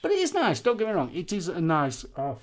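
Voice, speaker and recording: During a casual live stream for his vaping channel, a man from England speaks fairly quickly in a high voice with huge swings in pitch, against slight background noise. He chats in a rambling way, full of fillers and phrases he keeps repeating.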